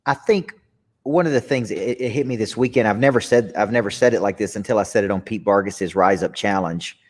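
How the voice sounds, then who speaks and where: In a large hall, a man with a fairly low voice speaks briskly as a guest coach in a candid interview. He comes across as earnest and reflective, often restarting sentences and repeating words as he begins them.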